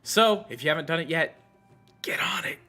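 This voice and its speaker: A bright, sharp-toned co-host chatting casually. The delivery is excitable and bursts into laughter. Soft music sits beneath the voice. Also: medium pitch, normal speed. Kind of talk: casual chat.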